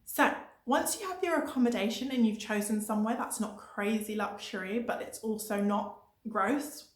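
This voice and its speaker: A woman's voice: a little high, moderate pace, very noisy. A young woman vlogger giving emphatic, motivational budget travel tips, repeating her points for stress. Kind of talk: energetic budget travel advice. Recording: echoey room.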